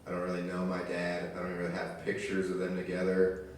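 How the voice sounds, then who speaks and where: Young male comic in a booming room. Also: completely flat delivery, fast, a little hiss or hum. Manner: loose, crude, conversational storytelling. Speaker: stand-up comedian. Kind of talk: stand-up set. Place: live stage in a community arts venue. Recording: very echoey room recorded from far off. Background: crowd ambience.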